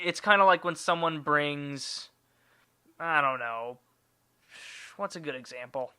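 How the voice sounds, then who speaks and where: A man's voice: on the high side, sharp tone, clean tone. A man telling stories as a podcast host, in a crude, rambling, sarcastic comic manner. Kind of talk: irreverent comic storytelling.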